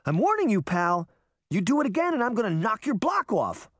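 Narrating an audiobook, a man pitches his voice above his own natural range, fairly high and very animated, to play a tough, mouthy preteen girl who is brash and sarcastic. The mood is bold, the pace normal, and the sound clean studio with no room sound.

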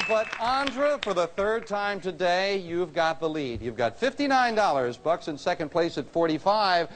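A man hosting a television quiz show, reading clues and scores in a brisk, upbeat way. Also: sits high, big pitch swings, over a noisy crowd. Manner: upbeat, reads clues crisply. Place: TV studio with live audience. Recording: noisy broadcast with loud audience.

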